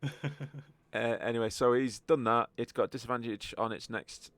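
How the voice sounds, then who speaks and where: A man's voice: medium pitch, measured pace, fairly bright tone, no room sound. A man narrating a tabletop game as game master, in a wry, joking manner.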